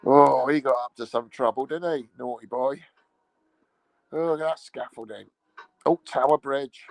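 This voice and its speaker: Gravelly sweary man ranting. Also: medium pitch, moderate pace, no room sound, poor audio. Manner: rambling, sweary, mocking. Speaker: vlogger. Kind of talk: casual profane rant.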